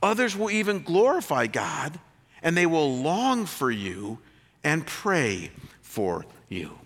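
Bright-voiced preacher in a reverberant hall. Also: male voice, fairly high pitch, slow pace. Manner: animated preaching with sudden loud rises and soft drops. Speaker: pastor. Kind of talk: sermon.

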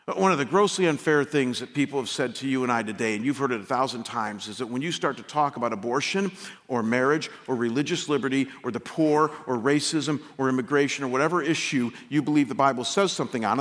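A man preaching a sermon as pastor, impassioned, climbing to near-shouted peaks and then dropping low and quiet. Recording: long reverb of a large hall.

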